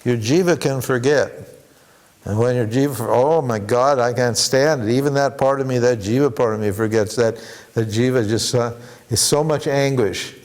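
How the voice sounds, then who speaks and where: A man giving an informal workshop talk as a spiritual teacher, animated and acting out the voices he quotes. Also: medium pitch, moderate pace. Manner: animated, acts out quoted voices, chuckles between points.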